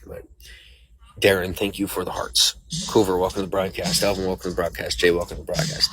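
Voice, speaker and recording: A man's voice: low-pitched, little pitch movement, fast talker, background noise. A man on a late-night livestream, exhausted and emotional, talking in a weary, rambling way from a restaurant. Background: loud music from a nearby speaker.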